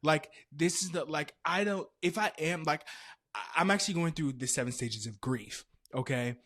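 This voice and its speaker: A man hosting a podcast, telling a comedic story in a dramatic, animated way with frequent laughter. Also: a little high, normal speed. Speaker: podcast host.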